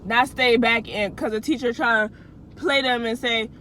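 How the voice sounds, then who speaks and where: A woman's voice: a little high, fairly even intonation, normal speed, a bit bright, a little hiss or hum, low-quality recording. A young adult woman vlogger telling a casual storytime in a chatty, slangy way, with restarts and asides to her viewers.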